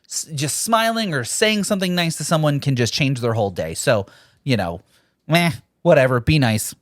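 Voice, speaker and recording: A man's voice: fairly high pitch, moderate pace, no echo, clean studio sound. A man co-hosting a podcast in casual, joking chat, often mimicking other voices. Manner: animated, joking, mimics voices in quoted bits. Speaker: podcast co-host.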